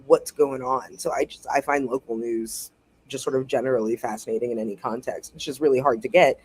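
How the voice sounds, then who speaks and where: An American author chatting casually as a guest over a video call, animated and rambling, laughing often. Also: medium pitch, fairly quick, slight background noise. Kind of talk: casual chat.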